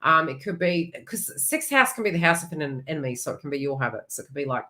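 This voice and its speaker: A woman giving a chatty, rambling astrology reading with animated asides. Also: low-pitched, fast, hardly any pauses. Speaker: astrology reader. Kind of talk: casual astrology forecast.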